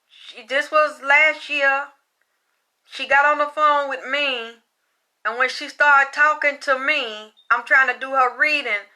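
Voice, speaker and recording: Blunt, foul-mouthed woman spiritual reader. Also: high-pitched. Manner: animated, blunt, swears freely. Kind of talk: casual profane storytelling.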